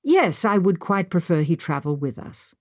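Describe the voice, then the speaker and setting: Woman reading heartfelt young duchess, expressive, wide-swinging lowish voice. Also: normal speed, no echo, studio quality. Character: earnest young duchess, tender and anxious.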